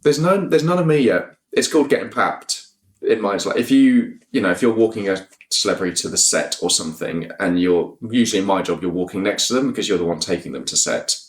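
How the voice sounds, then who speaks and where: A man's voice: fairly low pitch, expressive, fairly quick. A man co-hosting a podcast, telling chatty anecdotes in a casual chat and laughing often. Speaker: podcast co-host.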